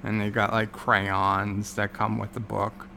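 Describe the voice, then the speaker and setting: A man's voice: lowish voice, monotone, a little slow, creaky, sharp tone, slight background noise. A man hosting a casual livestream from home, rambling sarcastically with many filler words. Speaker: livestream host.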